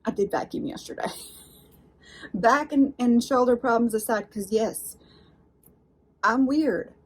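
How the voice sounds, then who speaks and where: A woman's voice: on the high side, slow, breathy edge. A woman with a Southern accent hosting an unboxing vlog, talking to her viewers in a chatty, folksy, rambling way. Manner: rambling, folksy, talks straight to viewers with "y'all". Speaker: unboxing channel host.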